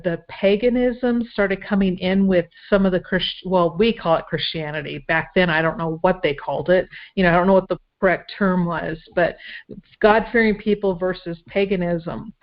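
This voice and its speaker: A woman's voice: mid-range voice, normal speed. A woman from Minnesota, a guest in a casual conversation, rambling and hesitant with many fillers. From Minnesota, USA. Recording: dull lo-fi audio.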